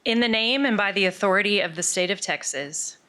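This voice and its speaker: A woman reading an oath of office aloud, steadily and clearly, one phrase at a time. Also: mid-range voice, a little fast, pushed and bright.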